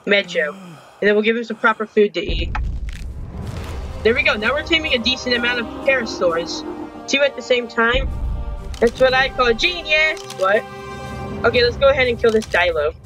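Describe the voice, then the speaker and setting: A man's voice: very high voice, expressive, moderate pace, long pauses, over music. A young man commenting on his gameplay, frustrated and complaining, with frequent mild swearing. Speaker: gaming channel host. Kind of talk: game commentary.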